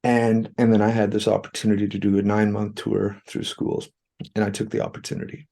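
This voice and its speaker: A man's voice: fairly low pitch, fairly quick, vocal fry. A man from Canada, a musician guest, telling stories in an interview and acting out the quoted dialogue. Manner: animated, acts out quoted dialogue. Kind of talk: storytelling interview talk.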